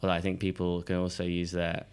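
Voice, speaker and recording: Male podcast co-host, hoarse with a cold, deep and croaky, jokey rambling chat. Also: completely flat delivery, quick pace, a little mellow. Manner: joking, laughs often, rambling asides.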